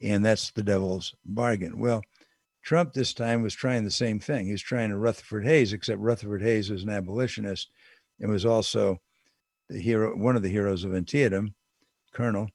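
A man's voice: fairly low pitch, steady tone, normal speed, darkish tone, no echo, clean studio sound. An older man giving a casual, digressive political commentary monologue with emphatic asides.

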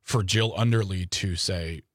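A man's voice: sits low, a little slow, no room sound, clean studio sound. A man co-hosting a political discussion podcast, talking earnestly and rambling with frequent restarts. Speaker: podcast co-host.

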